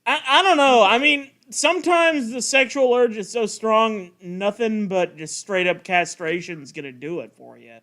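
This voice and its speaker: Bright crude-joking man streaming. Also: high-pitched. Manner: crude joking, quick to laugh and swear. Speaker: streamer playing a game. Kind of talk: casual chat with a co-host while gaming.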